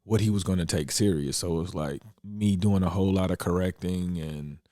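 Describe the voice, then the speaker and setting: Man, podcast co-host, deep and mellow, candid and searching, dry close mic. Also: a little fast, dry recording. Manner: candid, searching, with frequent fillers. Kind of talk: reflective casual conversation.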